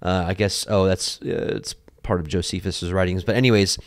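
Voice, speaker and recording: Brief: casual male bible teacher, chatty and animated, dry close sound. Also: sits low, moderate pace, vocal fry, dry recording. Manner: animated, acts out voices, many fillers.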